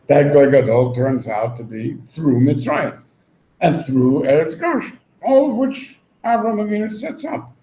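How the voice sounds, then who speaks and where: A man giving a Torah lecture as an animated, joking storyteller who acts out quotes and drops in Hebrew and Yiddish words. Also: fairly high pitch, a little slow. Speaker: Torah teacher. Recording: roomy, dull recording, faint hum.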